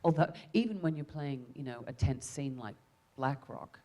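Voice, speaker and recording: A woman's voice: very deep voice, lively intonation, moderate pace, dark tone. A woman actor answering panel questions in a reflective way, often restarting and repeating words.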